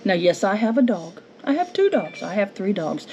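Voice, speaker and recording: A homestead vlogger vents angrily at a neighbor from her home while the yard is being mowed, indignant and confrontational, firing off rhetorical questions. Her voice is medium-pitched and dark, swinging widely in pitch at a normal speed. The audio is dull and lo-fi with faint noise.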